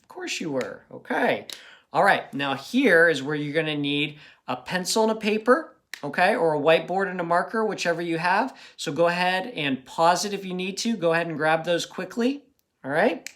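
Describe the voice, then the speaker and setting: A man's voice: sits high, lively intonation, moderate pace, a bit bright. A man teaching a recorded early-grade phonics review, patiently talking to young children and checking in with frequent questions.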